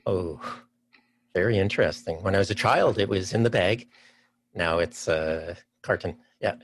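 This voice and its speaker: A man's voice: low-pitched, moderate pace, slight background noise. A man from Canada chatting as a podcast guest, enthusiastic and thinking aloud before he answers. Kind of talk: casual interview chat.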